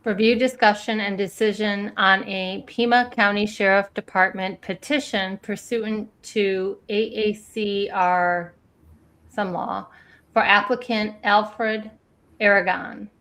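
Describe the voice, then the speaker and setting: Slow-talking woman livestream host. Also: medium pitch, fairly even intonation, a bit bright. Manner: chatty, laughs often, reads documents aloud. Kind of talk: casual livestream chat.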